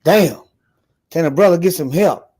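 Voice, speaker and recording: A man with a slightly higher-pitched voice jokes bluntly on a live podcast. He curses for emphasis, in a loose, teasing way of talking. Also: normal speed, darkish tone, breathy edge. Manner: blunt, joking, emphatic cursing. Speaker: guest, apparel business owner. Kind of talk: casual live-stream podcast chat.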